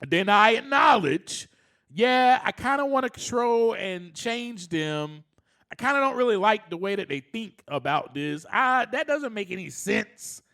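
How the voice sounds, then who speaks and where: A man's voice: sits high, expressive, unhurried, vocal fry, sharp tone. A man hosting a solo self-help podcast, speaking earnestly, often laughing, and rising to passionate emphasis. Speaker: podcast host.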